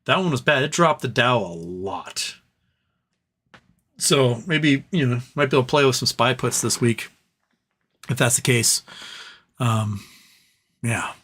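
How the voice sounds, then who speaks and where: A man's voice: medium pitch, fairly even intonation, moderate pace, pauses often, a bit bright, slight background noise. A man hosting a casual live stream, reading viewer comments aloud and answering them, tired and starting to lose his voice. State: tired, voice wearing out. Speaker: livestream host reading chat.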